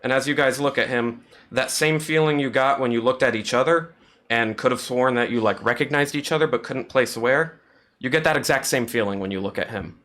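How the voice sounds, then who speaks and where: Casual game master, male, mid-pitched, halting delivery full of fillers. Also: a bit bright. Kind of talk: narrating a tabletop game.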